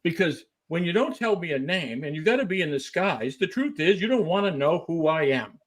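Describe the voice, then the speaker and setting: A man's voice: a little high, lively intonation, brisk. A man being interviewed on a podcast, talking emphatically and firing off rhetorical questions. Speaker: guest. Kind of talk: animated interview talk.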